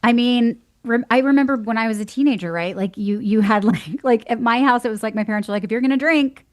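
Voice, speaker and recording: A woman guest on a podcast, chatting casually, animated and laughing as she tells stories and acts out other people's words. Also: a little high, fast talker. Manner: animated storyteller, acts out quoted voices, laughs often. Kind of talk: casual conversation.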